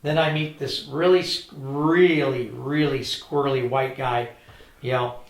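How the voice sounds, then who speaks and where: An older man recounting his past as an interview guest, a lively anecdotal storyteller who acts out the dialogue. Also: mid-range voice, measured pace. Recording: roomy echo.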